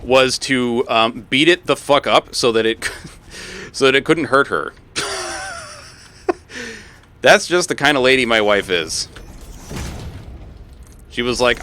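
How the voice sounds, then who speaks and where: A man streaming a game, chatting casually with friends while he plays, swearing freely and easily excited. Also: medium pitch, slight background noise. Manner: profane, excitable, quick to swear and laugh. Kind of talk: casual gaming stream chat.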